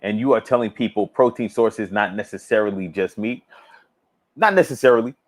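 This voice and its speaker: A man's voice: on the low side, fairly quick. Laid-back man chatting on a livestream. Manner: relaxed, rambling, repeats himself, laughs often. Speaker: fitness coach livestream host. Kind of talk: casual livestream chat reading viewer comments.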